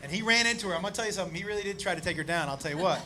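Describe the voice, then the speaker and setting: High-voiced, profane stand-up comedian. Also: male voice, racing. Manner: excitable, profane, animated storyteller. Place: comedy club stage. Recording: live club, loud crowd and noise. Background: audience laughter and noise.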